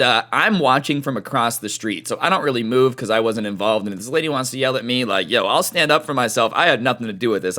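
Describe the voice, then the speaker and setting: Casual male storytime vlogger, slangy and animated, average pitch. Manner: slangy, lots of dude and like. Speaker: storytime YouTuber.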